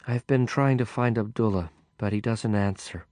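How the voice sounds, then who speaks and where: A man voicing a young woman, soft and a little raised, first chatty and later shaken and numb. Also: on the low side, moderate pace, no room sound, natural voice.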